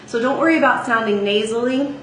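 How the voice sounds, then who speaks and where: A woman's voice: fairly high pitch, quick pace, fairly bright tone. A woman teaching a singing lesson, speaking casually with sung demonstrations and frequent "okay?" check-ins. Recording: echoey room with faint ambient noise.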